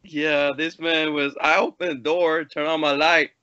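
Bright-voiced young man, dry sound. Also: on the high side, level tone, unhurried, smooth, dry recording, muffled recording. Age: young adult. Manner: laid-back, laughing, says bro a lot. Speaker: storyteller. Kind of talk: casual storytelling chat.

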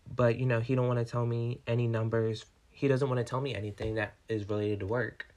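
A restaurant manager shares a workplace story in a casual vlog, speaking fairly quickly in a medium-pitched voice with few pauses. He's animated and swears, swinging from calm to worked up as he tells it.

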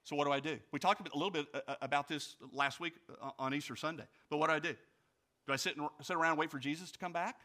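A male pastor preaching a sermon, asking his congregation direct questions and swinging from loud storytelling to quiet reflection. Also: a little high. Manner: animated storytelling, rising loud for anecdotes, dropping quiet for reflection.

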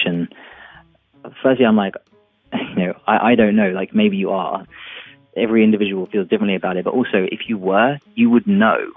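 A man speaking candidly as a listener responding to the show, explaining with quick restarts. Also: deep voice, fairly even intonation, no echo, faint music behind. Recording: tinny phone line.

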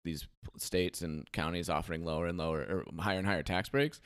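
A man hosting a casual podcast with a deep voice. He rambles through loose, joking stories full of fillers. The sound is close and dry. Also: fairly even intonation, a little fast, fairly bright tone, clean tone, no echo. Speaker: podcast host. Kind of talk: casual chat.

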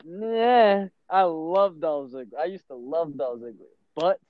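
A man's voice: a little high, a little slow, highs cut off. A man talking emphatically in a casual podcast chat, often laughing.

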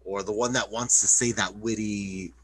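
A man's voice: fairly low pitch, fairly even intonation, moderate pace, fairly bright tone, a little hiss or hum, low-quality recording. A man chatting casually on a podcast, loose and profane, with lots of filler words.

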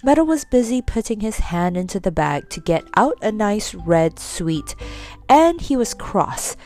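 A woman reading a children's story aloud in an expressive, animated way. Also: medium pitch, unhurried, soft background music.

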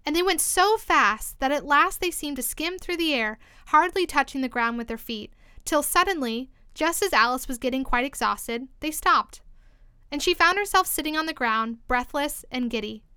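High bright woman reading a storybook. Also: animated, normal speed, no room sound, clean studio sound. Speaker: narrator.

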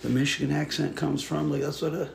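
A man's voice: fairly high pitch, quick pace, creaky, slight background noise. A man hosting a casual podcast chat, talking loosely and swearing now and then. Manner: animated, swears, slips into joking put-on accents.

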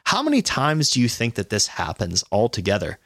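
A man's voice: lowish voice, wildly swooping pitch, a little fast, gravelly, fairly bright tone, dry recording, clean studio sound. A man co-hosting a podcast, reading news stories aloud and adding sarcastic, profane comments and laughs. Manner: sarcastic, laughs often, swears.

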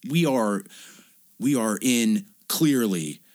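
A man co-hosting a casual film review chat, animated and swearing, acting out scenes in exaggerated voices. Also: medium pitch, takes it slowly. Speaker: podcast co-host.

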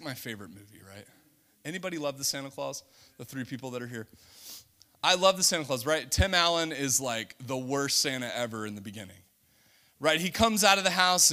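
Bright, lively-voiced male preacher. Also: a little high. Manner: animated, laughing often, acts out scenes. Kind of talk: sermon.

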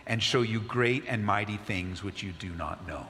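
A male pastor preaching a conversational sermon, dropping low and soft to stress key points. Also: steady tone, unhurried, vocal fry, few pauses, in a large hall, slight background noise.

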